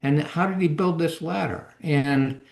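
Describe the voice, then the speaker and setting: An older man from New Hampshire, a retired police chief and interview guest, explains at length in a measured way with frequent "uh" and "um". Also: a little high, gravelly. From New Hampshire, USA. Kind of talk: casual video interview.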